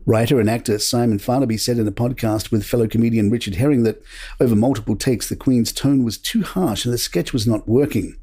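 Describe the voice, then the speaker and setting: A man hosting a podcast, reading royal news headlines from a script in a measured, steady way. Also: mid-range voice, breathy edge. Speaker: podcast host.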